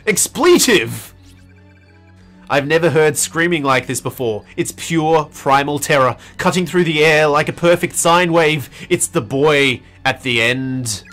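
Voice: medium pitch, unhurried, few pauses, a bit bright, faint music behind. A streamer giving a dramatic reading of horror game text, theatrical and prone to acted pleading and screams. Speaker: let's play streamer.

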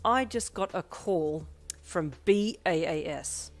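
A woman voicing a stern, angry middle-aged father who scolds loudly and slowly in a fan audio story. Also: lowish voice, soft background music. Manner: loud, slow, scolding.

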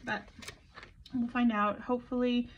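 Her voice sits on the high side with little pitch movement, and she talks at a measured pace over a faint hiss or hum. A tired middle-aged woman, she plans while chatting, rambling and poking fun at herself. The lo-fi recording sounds a bit dull.

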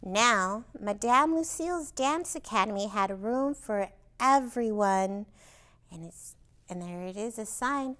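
A woman librarian reading a storybook aloud to toddlers, animated and expressive with chatty asides. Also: fairly high pitch, unhurried. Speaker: children's librarian.

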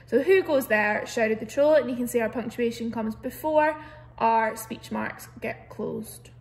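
A woman teacher leads a recorded online lesson from her computer. Her voice sits a little high, and she explains each step patiently and clearly, filling the pauses with "so" and "um". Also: darkish tone. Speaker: primary school teacher.

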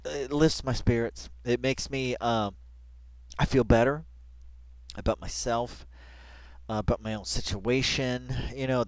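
A man hosting a casual reaction video at home on a headset mic, excitable and laughing, tossing "dude" into nearly every line. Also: mid-range voice, no echo. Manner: excitable, says "dude" constantly, breaks into laughter.

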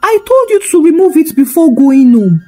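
A woman's voice: high-pitched, very animated, normal speed, warm tone, soft background music, voice pushed up. A woman voicing a young man who scolds his friend for a careless mistake. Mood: scolding. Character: scolding young male friend, bad influence.

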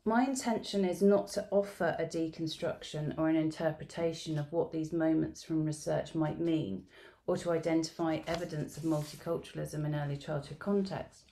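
A middle-aged woman reads her research notes aloud as a story, measured and reflective. Her voice sits low, with a gravelly edge of fry and a dark, mellow tone. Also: fairly even intonation, slight background noise. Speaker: education researcher presenting at a symposium. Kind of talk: reading a field-note narrative aloud.

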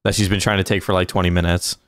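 Young male streamer, deep and smooth, joking and thanking donors. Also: little pitch movement, fast talker, fairly bright tone, no echo, studio quality. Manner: playful, thanks donors, jokey. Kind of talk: casual livestream chat.

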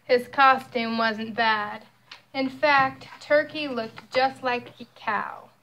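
Slow, high-voiced mom reading aloud. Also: female voice, a little hiss or hum. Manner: slow, expressive storytelling with questions to the child. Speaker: mother reading to her child. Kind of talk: reading a picture book aloud.

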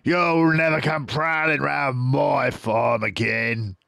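An older man voicing Boggis, a fat, furious male farmer who shouts his lines. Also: medium pitch, fairly even intonation, slow pace, vocal fry, no room sound, clean studio sound, pitched above the performer's own voice. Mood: shouting, furious. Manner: shouting, raised and angry.

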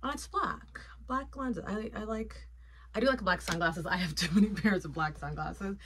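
A woman's voice: mid-range voice, normal speed, fairly bright tone, slight background noise. A woman vlogger chatting casually and playfully, with lots of fillers, about her sunglasses collection. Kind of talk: casual haul chat.

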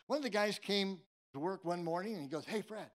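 Preaching a sermon, this San Jose, California man shares a personal story full of tongue-in-cheek humor and frequent restarts, keeping it conversational. His voice is high-pitched and animated, and he talks fast.

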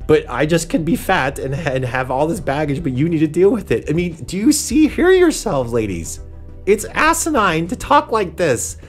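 A man's voice: fairly high pitch, big pitch swings, normal speed, faint music behind. Sarcastic man hosting commentary. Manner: sarcastic, exasperated, keeps addressing "ma'am". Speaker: commentary channel host. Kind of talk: reaction commentary vlog.

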